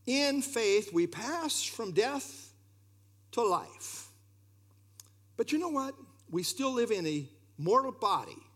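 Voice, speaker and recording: A man's voice: high-pitched, fairly bright tone. A man preaching a sermon, emphatic and putting questions straight to his listeners. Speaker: pastor.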